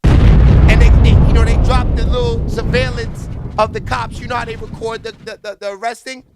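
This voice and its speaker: A man's voice: very high voice, level tone, normal speed, background noise. A man from New hosting a show, chatting in a loose, slangy, rambling way. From New York. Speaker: show host. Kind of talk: casual livestream commentary. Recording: loud music bed under voice. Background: loud music.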